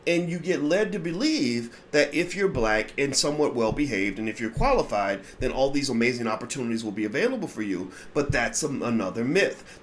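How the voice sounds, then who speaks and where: A man hosting his own commentary show, speaking bluntly and with emphasis in a mid-pitched voice. He talks in an unscripted way and restarts his sentences on repeated words as he pushes his point. There is a faint hiss of noise behind him. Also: a bit bright. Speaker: host of a commentary channel. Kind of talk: commentary monologue.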